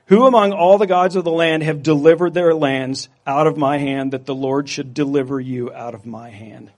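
A man voicing a boastful alien king, slowly proclaiming grand threats and promises to a nation. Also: a little high, close to an everyday voice. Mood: taunting. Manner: grand, proclaiming, slow and loud.

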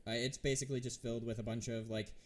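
A man's voice: mid-range voice, level tone, quick pace. A man running a tabletop game as game master, describing rooms in a hesitant way full of fillers and restarts.

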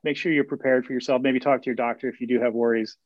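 Guy rattling off stories fast in an interview, lots of "i, i, i" restarts, dry dull lo-fi sound. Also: mid-range voice, fairly even intonation, dry recording. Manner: fast, eager, frequent restarts and repeated words. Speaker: guest, Camino walker and author. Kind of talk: casual interview storytelling.

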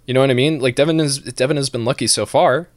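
A man's voice: medium pitch, fast talker, no echo. A man co-hosting a casual stream podcast, ranting with a lot of swearing. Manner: profane, animated ranting with laughs. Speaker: podcast co-host.

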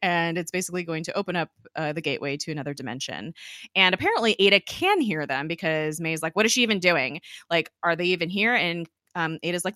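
A woman's voice: fairly low pitch, animated, brisk, fairly bright tone, no echo, clean studio sound. A young woman in casual chat, recapping a TV episode and paraphrasing the characters with lots of "like". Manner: chatty, peppers speech with "like", paraphrases characters' lines. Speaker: podcast host recapping a TV episode.

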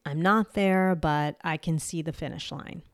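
A woman's voice: sits low, a little slow, no room sound, studio quality. A young adult woman with a New Jersey accent hosts a solo podcast, talking candidly and casually, swearing lightly and laughing at herself. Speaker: podcast host. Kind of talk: solo health podcast monologue.

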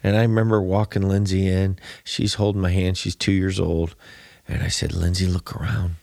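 A man's voice: low-pitched, little pitch movement, moderate pace, vocal fry, a little mellow, dry recording. A middle-aged man, a pastor, telling anecdotes in a casual podcast chat and laughing through his stories.

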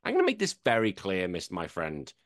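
A man's voice: low voice, wildly swooping pitch, a little fast, fairly bright tone, no echo, clean studio sound. A man hosting a casual chat over a video call, ranting animatedly and swearing. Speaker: podcast host. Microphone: headphones and desk microphone.

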